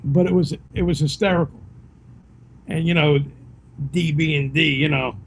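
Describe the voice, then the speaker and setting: Laid-back guy on a podcast, gravelly husky voice, chill and agreeable. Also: a little high, steady tone, a little slow. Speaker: podcast co-host. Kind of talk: casual chat about rock music.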